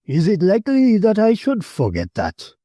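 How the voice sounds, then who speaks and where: A man voicing a quiet, reserved older count who speaks curtly and impatiently. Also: medium pitch, big pitch swings, moderate pace, slightly rough, dry recording, studio quality, pitched above the performer's own voice. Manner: curt, impatient.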